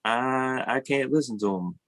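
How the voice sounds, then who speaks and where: A podcast co-host chats casually in a mid-range voice that's a little bright, keeping a measured pace. He rambles, restarts his thoughts, and hedges with "or whatever."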